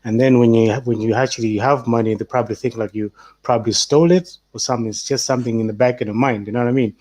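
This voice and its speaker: A man from Malawi on a casual podcast panel, speaking in a measured, conversational way and often asking "you know what I mean". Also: medium pitch, steady tone, a little mellow.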